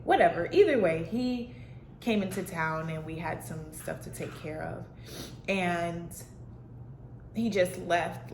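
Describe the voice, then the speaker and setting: A woman's voice: lowish voice, creaky, roomy sound, slight background noise. A woman talking to her own camera alone at home, candid and rambling in a casual, heartfelt vlog style with many fillers. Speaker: vlogger on healing and mental health. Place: alone in a room at home with plants and a dog. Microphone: self-recorded camera.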